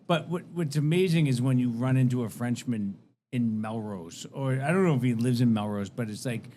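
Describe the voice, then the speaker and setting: A man hosting a podcast in casual chat, halting and repeating words as he laughs along. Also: medium pitch, warm tone, a little hiss or hum.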